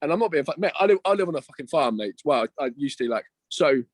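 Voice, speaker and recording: A man's voice: a little high, expressive, quick pace, no room sound. A young man chatting casually as a podcast guest, slangy and swearing, calling everyone "mate" and "bro".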